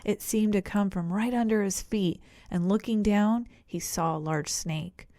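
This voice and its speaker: Gentle woman reading a storybook. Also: lowish voice, no room sound, clean studio sound. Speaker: audiobook narrator. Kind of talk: storybook narration.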